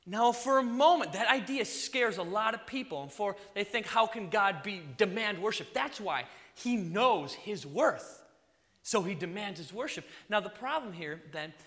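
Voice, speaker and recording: A male preacher with a high, bright, lively voice delivers a sermon. He swings from loud emphasis down to soft near-whispers. A long hall reverb trails his words. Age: young adult to middle-aged, a father.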